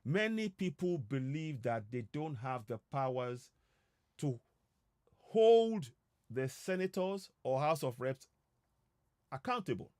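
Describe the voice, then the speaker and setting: A man with a Nigerian accent giving an earnest civic talk on a live stream, emphatic and pausing often with fillers. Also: mid-range voice, very animated, a little mellow, smooth, dry recording, studio quality. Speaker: civic educator. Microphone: streaming setup.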